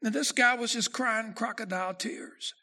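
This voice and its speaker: A male pastor preaching a sermon, reading scripture slowly and then preaching with rising intensity. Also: very high-pitched, pushed and bright.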